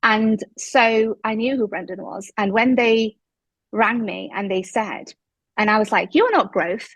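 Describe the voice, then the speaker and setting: A woman, a guest telling her story in an interview, emphatic and lively when she quotes what people said. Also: medium pitch, measured pace, no room sound, low-quality recording. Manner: animated, emphatic retelling with quoted dialogue.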